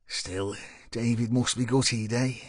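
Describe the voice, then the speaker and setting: A man's voice: medium pitch, fairly even intonation, slow pace, no echo, studio quality. A man voicing an affable male police officer who makes light small talk. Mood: chatty.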